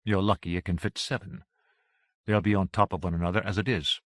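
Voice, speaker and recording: A man's voice: sits low, steady tone, fairly quick, no room sound, clean studio sound, natural voice. A man voicing a blunt, practical woman who speaks in a matter-of-fact way.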